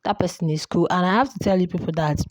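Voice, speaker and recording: A woman's voice: fairly low pitch, quick pace, dry recording. A young woman commenting casually on a reality show, chatty and repeating herself with many fillers. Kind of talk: casual chat.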